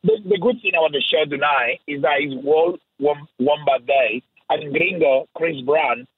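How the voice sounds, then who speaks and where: A man's voice: on the high side, moderate pace, slightly rough, no room sound. A man with a Spanish accent, a chef and radio guest, telling stories in an eager, rambling way over a tinny phone line. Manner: enthusiastic, rambling storyteller. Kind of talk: casual radio chat.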